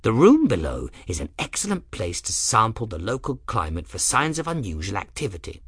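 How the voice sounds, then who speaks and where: A man's voice: on the low side, wildly swooping pitch, a little fast, fairly bright tone, breathy edge, dry recording, studio quality, full character voice. Man playing a pompous old scholar-mage. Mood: lofty. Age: older. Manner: pompous, lofty and theatrical.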